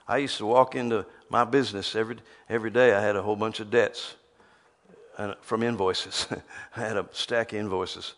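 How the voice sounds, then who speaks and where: A man's voice: lowish voice, steady tone, moderate pace. A man preaching a sermon, reading scripture aloud and teasing the crowd with rhetorical questions.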